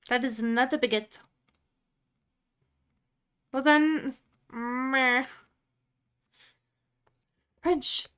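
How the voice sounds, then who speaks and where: A woman's voice: high-pitched, very slow, pauses often, a bit bright, clean tone. Chatty woman thinking aloud. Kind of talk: casual live-stream chat.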